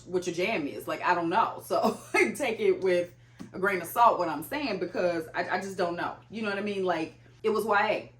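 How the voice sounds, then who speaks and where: Low-voiced chatty woman in echoey room. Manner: chatty, full of "like" fillers. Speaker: book vlogger. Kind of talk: casual chat.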